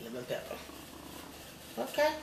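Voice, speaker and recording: Echoey older grandma cooking. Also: female voice, moderate pace. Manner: folksy, chatty, keeps asking "okay?" and calls viewers y'all and baby. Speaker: home cook. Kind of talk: cooking demonstration vlog. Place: home kitchen. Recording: echoey room with loud background noise.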